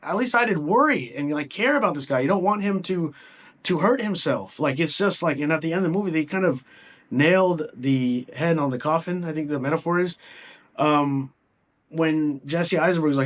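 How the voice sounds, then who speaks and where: A man's voice: on the high side, animated, brisk, fairly bright tone. A young man giving a casual film review, rambling and enthusiastic with lots of fillers and restarts. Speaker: movie reviewer.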